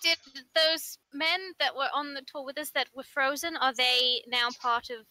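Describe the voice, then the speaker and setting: A woman's voice: sits high, moderate pace, noisy background. A woman playing a tabletop game, giggling and asking curious questions. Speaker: player. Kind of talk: casual tabletop play.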